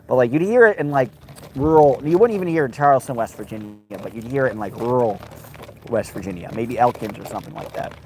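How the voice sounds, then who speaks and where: A man's voice: mid-range voice, quick pace, darkish tone, slight background noise, rough recording. A man hosting a casual livestream outdoors by a river, rambling loosely and breaking into sing-song chatter to his dog. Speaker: livestream host. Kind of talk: casual rambling live chat.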